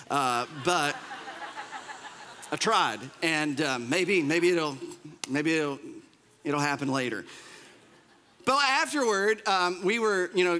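A male pastor preaching a sermon in an animated, conversational way, with humorous asides. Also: fairly high pitch.

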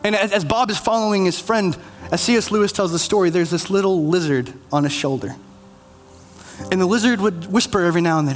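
A man's voice: high-pitched, fairly quick. A man preaching a sermon in an earnest, conversational way. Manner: earnest, conversational, self-deprecating. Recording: long hall reverb, faint music.

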